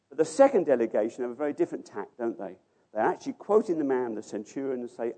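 A man preaching a sermon in a church, expounding a passage with rhetorical questions and letting his phrase ends fall away softly. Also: mid-range voice, big pitch swings, fast.

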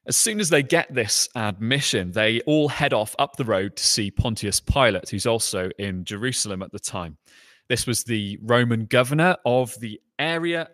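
A man preaching a sermon in a conversational way, voicing quoted lines with lifted pitch and emphasis. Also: a bit bright, dry recording, clean studio sound.

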